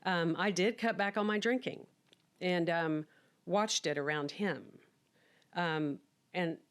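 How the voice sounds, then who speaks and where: A middle-aged woman with a low, deep voice recounts her own life in a candid, conversational way. She talks frankly and casually, slipping into quoted dialogue as she goes. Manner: frank and chatty, acts out quoted dialogue with laughs. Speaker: podcast guest telling her life story. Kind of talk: candid personal storytelling.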